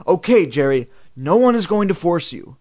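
A man reading a storybook aloud, voicing a worried father who speaks quickly and urgently. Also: high voice, very animated, darkish tone, pitched above the performer's own voice. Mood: urging. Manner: quick, urging. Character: worried father in bathrobe, brisk.

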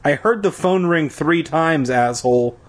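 A man voicing a stern, sleepy father scolding his son, in a sharp, scolding manner. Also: fairly high pitch, lively intonation, measured pace, pitched above the performer's own voice.

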